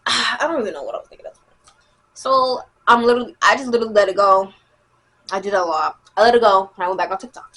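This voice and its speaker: A young woman, telling a casual storytime vlog in a chatty, animated way. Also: mid-range voice, fast, slightly rough. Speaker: vlogger.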